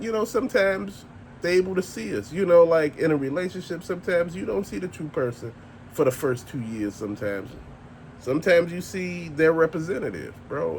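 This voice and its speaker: A man's voice: fairly high pitch, darkish tone, a little hiss or hum. Blunt, profane man ranting casually. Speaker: vlogger.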